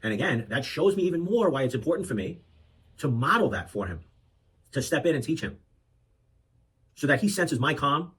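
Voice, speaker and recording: A man's voice: a little high, big pitch swings, normal speed, pauses often, a bit bright, husky, rough recording. A man in his thirties talking earnestly about fatherhood in a reflective monologue, often restarting and adding asides. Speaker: parenting vlogger. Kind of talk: reflective talk to camera.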